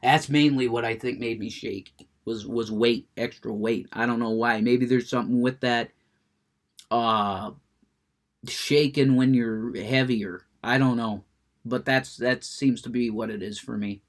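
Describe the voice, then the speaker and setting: With a steady, mid-range voice and a measured pace, an adult man who smokes delivers a foul-mouthed rant, swearing plenty and growing heated. He then turns to chatting about the video game he's playing.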